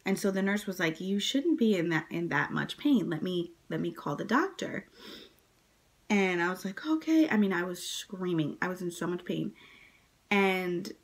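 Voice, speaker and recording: Chatty woman telling a personal story. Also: normal speed. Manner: chatty, many fillers, acts out quotes in a high voice. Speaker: vlogger telling her birth story. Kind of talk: casual personal storytelling to camera.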